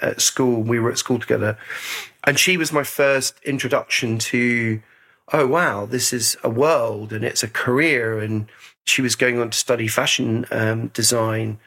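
A man's voice: mid-range voice, bright, forceful tone. A middle-aged man from Scotland, a photographer interviewed as a guest, telling stories about his youth in a chatty, self-deprecating way. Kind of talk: casual conversational storytelling.

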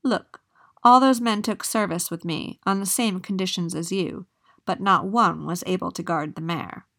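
A woman's voice: lowish voice, moderate pace, vocal fry, fairly bright tone. A woman voicing a stern old mountain witch in a storybook reading, commanding and matter-of-fact.

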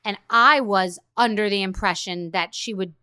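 A woman's voice: medium pitch, normal speed, sharp tone, smooth, no echo, studio quality. A middle-aged woman hosting a podcast, chatting casually and rambling through a story, acting out the things people said. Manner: rambling storyteller, acts out quotes. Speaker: podcast host. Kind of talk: casual chat.

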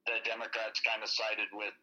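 A man's voice: lowish voice, completely flat delivery, normal speed, bright, forceful tone, dull audio. A man chatting as a podcast guest, rambling loosely with lots of fillers. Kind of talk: casual interview chat.

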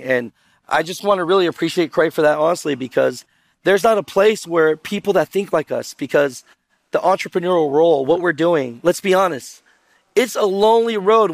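Upbeat panel speaker, a man with a slightly high voice who acts out quotes and polls the crowd, dry close sound. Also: vocal fry, no echo. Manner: animated storyteller who acts out other people's lines and quizzes the audience. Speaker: trucking video creator on a conference panel. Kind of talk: lively conference panel talk.

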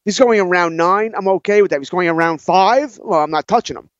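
A man's voice: high voice, brisk, no room sound, muffled recording. A man co-hosting a fantasy football panel, thinking aloud with hedges and restarts. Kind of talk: casual sports chat.

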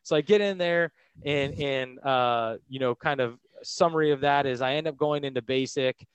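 A man's voice: mid-range voice, normal speed, clean tone, no room sound. A man from the United States, a podcast guest, frankly and casually telling his own story in conversation. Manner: casual, frank, loose with fillers.

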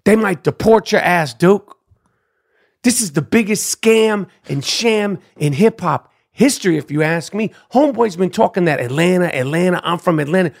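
A man's voice: high voice, moderate pace, creaky. A middle-aged man, hosting his own podcast in a brash, profane, trash-talking rant. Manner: loud, brash, trash-talking, repeats "Duke". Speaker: podcast host. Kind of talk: profane ranting monologue.

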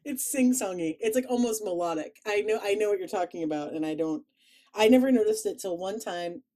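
A woman with a Chicago accent, chatting casually as a podcast co-host, animated and quick to laugh. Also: mid-range voice. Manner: animated, laughs often, playful. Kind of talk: casual chat.

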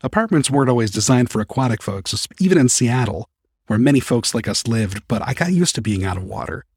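A man narrating a first-person story as an audiobook reader, calm and even. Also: medium pitch, brisk, husky, dry recording, clean studio sound.

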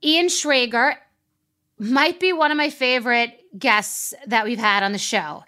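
A woman podcast host telling a joking, self-mocking story in a casual, animated way. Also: a little high, measured pace.

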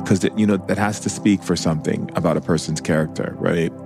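A man's voice: low-pitched, a little fast, creaky, music in the background. A man hosting a podcast, closing an interview with effusive, gushing praise for his guest. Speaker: podcast host. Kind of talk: warm interview wrap-up.

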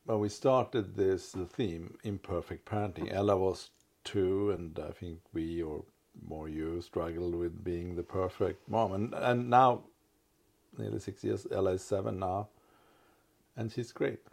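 Co-host, man, very deep creaky voice, halting delivery. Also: steady tone, a little mellow. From Sweden. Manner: halting, repeats words. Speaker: podcast co-host. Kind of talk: casual chat.

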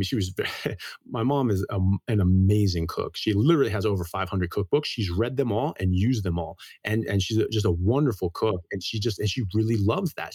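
A man's voice: on the low side, slightly rough, no room sound. A middle-aged man speaking as a doctor in a casual interview, telling stories at speed and often repeating words as he restarts his phrases. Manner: lively storyteller. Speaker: guest, medical doctor.

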